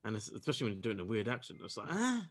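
A man's voice: fairly low pitch, wildly swooping pitch, very fast. A man co-hosting a sports podcast in casual, jokey chat, often mocking himself. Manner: playful, jokey, self-mocking. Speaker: podcast co-host.

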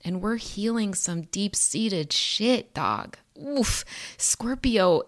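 A woman's voice: mid-range voice, expressive, slow. A woman giving a spiritual tarot and astrology reading in an earnest, encouraging way, casually profane and slangy.

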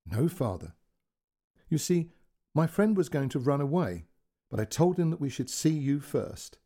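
A man's voice: a little high, big pitch swings, measured pace, mellow. A male storyteller voicing a polite, earnest young boy who speaks respectfully to an old man.

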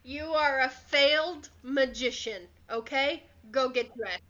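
A woman voicing a bossy male goblin who directs a stage play, giving brisk orders. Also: high voice, sharp tone, lo-fi sound, full character voice. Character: fussy theatre director goblin man, bossy.

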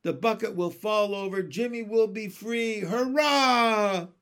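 A man's voice: sits high, animated, slow, dark tone. A man voicing a chorus of eager little froglets chanting together. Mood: cheering. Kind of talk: storybook read-aloud.

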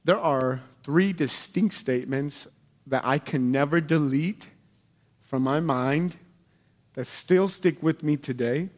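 A man preaching a sermon, telling personal stories in an animated, conversational way and asking the audience questions. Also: a little high, slow. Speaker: pastor.

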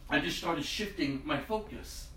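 A man's voice: fairly high pitch, expressive, measured pace, bright, forceful tone, echoey room, far from the mic, slight background noise, poor audio. A man preaching a sermon in a conversational, storytelling way. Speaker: pastor.

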